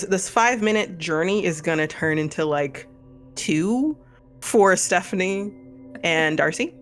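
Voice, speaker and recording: A man with a Missouri accent runs a tabletop horror game as game master, narrating in a loose, rambling style. His voice sits high and sounds a little bright. Faint music plays in the background.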